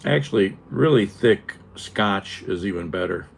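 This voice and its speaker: An older man from Northeast Ohio with a flat Northeast Ohio accent, chatting casually with live viewers, wry and sarcastic, chuckling as he rambles. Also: fairly low pitch, a little slow, gravelly, a little hiss or hum. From Northeast Ohio, USA.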